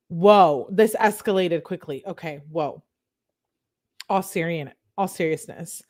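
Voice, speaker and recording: A woman's voice: on the low side, takes it slowly, darkish tone. A young woman reading text messages aloud in casual commentary, chatty and giggly, joking between readings. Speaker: true-crime commentator reading texts aloud.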